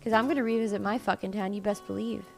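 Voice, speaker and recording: A woman's voice: mid-range voice, fairly even intonation, fast, gravelly, darkish tone, faint music behind. A woman streamer in casual chat with her viewers, playful, laughing and swearing freely.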